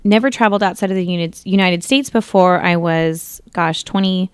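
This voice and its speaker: A woman radio host in her thirties tells a long personal story in a chatty, meandering way, often correcting herself. Her voice sits low and sounds smooth and clear, recorded dry and close. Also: brisk, dry recording. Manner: chatty, rambling, with self-corrections and laughs. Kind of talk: casual storytelling on talk radio.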